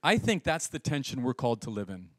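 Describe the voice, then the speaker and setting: A male pastor preaching a sermon in an animated storytelling way, acting out the voices in his stories. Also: mid-range voice, quick pace, no echo, clean studio sound.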